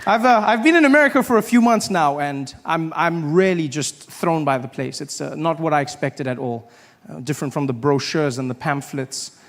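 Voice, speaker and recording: A man's voice: a little high, moderate pace, some chatter behind. A man from Africa, performing a stand-up comedy set live on stage, telling stories and acting out other people's voices. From South Africa. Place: theater stage before a live audience.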